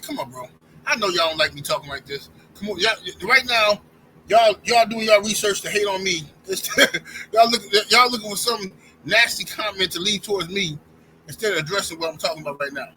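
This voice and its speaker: A sports commentary YouTuber launches into a heated, opinionated rant, speaking straight to his viewers and calling them y'all. His high-sitting voice moves fairly quickly and sounds pushed and bright. The audio is poor, with a little hiss or hum.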